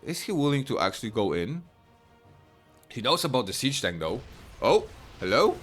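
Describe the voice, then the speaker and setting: A man casting a real-time strategy match live, chatty and quick to burst into excited shouts. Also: mid-range voice, soft background music. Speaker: esports caster. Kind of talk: live play-by-play game commentary.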